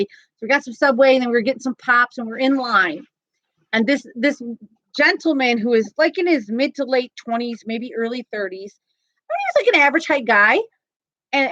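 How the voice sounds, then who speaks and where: A woman's voice: sits high, a bit bright, dry recording. Woman, live-stream host, chatty, laughs a lot, dry dull sound. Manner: chatty, laughs often, lots of fillers. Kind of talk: casual live-stream chat. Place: home, indoors.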